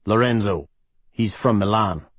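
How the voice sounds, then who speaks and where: A male narrator voicing a persistent, barrel-chested private investigator with a deep, scratchy American voice and a hint of a twang. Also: measured pace, fairly bright tone, dry recording. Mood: insistent. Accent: American with a slight twang.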